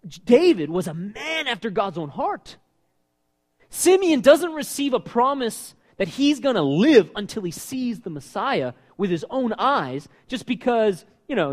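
A man preaching a sermon as pastor, animated and asking his listeners questions. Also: high-pitched. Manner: animated, asks the congregation questions. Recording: long reverb of a hall.

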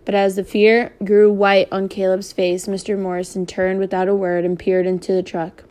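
Woman reading a novel aloud, flat and steady. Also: mid-range voice, moderate pace. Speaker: reader.

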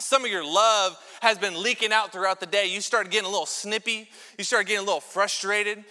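A man preaching a sermon as pastor in a church, telling lively jokey stories with props. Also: high voice, fairly quick. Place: large church sanctuary. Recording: long church hall reverb.

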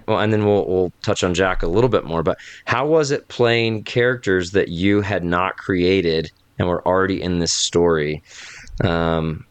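A man hosting a podcast recap, rambling warmly in casual chat and laughing often. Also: low voice, clear, resonant tone, no echo. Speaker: game master and podcast host.

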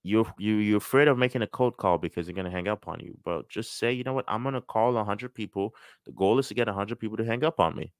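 A middle-aged man giving a casual motivational talk on sales and business, lively and acting out quoted voices. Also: lowish voice, fast talker, no room sound. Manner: animated, acts out quoted voices.

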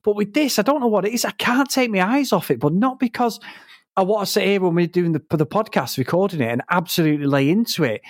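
A man's voice: high voice, lively intonation, fast talker, dry recording, studio quality. Ranting, foul-mouthed male podcast host. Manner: ranting, swears freely. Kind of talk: casual podcast chat.

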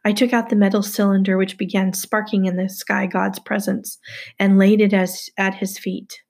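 Woman narrator, husky, some fry, steady first-person storytelling. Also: medium pitch, moderate pace. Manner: steady storytelling, hushed asides. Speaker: audiobook narrator. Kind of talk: first-person novel reading.

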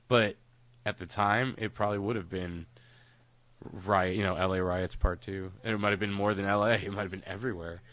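A man's voice: fairly low pitch, steady tone, fairly quick, fairly bright tone, no room sound. A man co-hosting a podcast, chatting casually and rambling, with frequent laughs and casual swearing. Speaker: podcast co-host.

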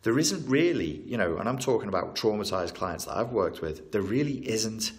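A man, a therapist who works with trauma, explaining ideas in an interview in an animated, emphatic way, often repeating and correcting himself. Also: fairly low pitch, normal speed.

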